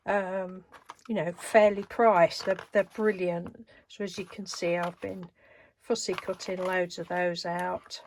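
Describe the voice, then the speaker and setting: A woman's voice: mid-range voice, a little hiss or hum. A woman chatting casually through a craft show-and-tell, rambling and laughing now and then. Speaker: craft vlogger.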